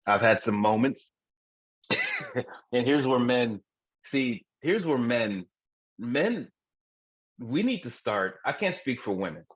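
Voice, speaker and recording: Very animated yet slow, with long pauses, a medium-pitched man in his forties co-hosts a podcast, his voice carrying a breathy edge and no echo. He chats frankly and profanely for laughs, often at his own jokes. The recording is dull, dry and lo-fi.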